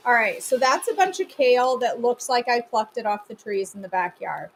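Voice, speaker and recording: A woman's voice: fairly high pitch, expressive, moderate pace, a little hiss or hum, rough recording. A woman hosting a live cooking class from her home kitchen, chatting casually and answering viewer comments as she cooks.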